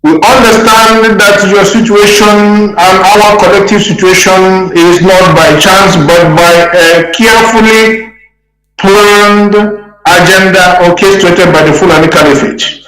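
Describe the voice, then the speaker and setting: A Nigerian man hosting a call speaks with a high voice and makes rhetorical points through repetition. His audio is drenched in echo, as though he were in a very reverberant space. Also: fairly even intonation, unhurried, fairly bright tone, faint music behind. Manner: rhetorical, repeats phrases, uses fillers. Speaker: host of a diaspora call. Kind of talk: closing remarks to listeners.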